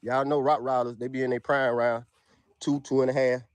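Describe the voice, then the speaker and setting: A man's voice: medium pitch, little pitch movement, fairly quick, clean tone, no room sound. A man talks casually, selling his dogs. His voice sounds close and dry, with no room around it. He keeps tossing "y'all" to the viewers in a loose, rambling drawl. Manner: drawls "y'all" constantly, Southern US dialect. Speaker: dog breeder selling dogs. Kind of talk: casual sales pitch to viewers. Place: outdoors in a yard.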